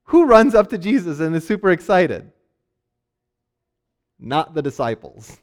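Male preacher, high-pitched voice, chatty teaching sermon that slips into little character bits. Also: sing-song. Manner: conversational, acts out characters in quick asides; frequent fillers and restarts, laughs lightly. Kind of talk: sermon, teaching on a Bible passage.

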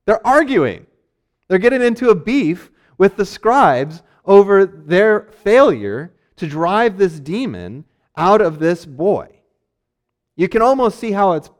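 Male preacher, high-pitched voice, chatty teaching sermon that slips into little character bits. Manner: conversational, acts out characters in quick asides; frequent fillers and restarts, laughs lightly. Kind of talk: sermon, teaching on a Bible passage.

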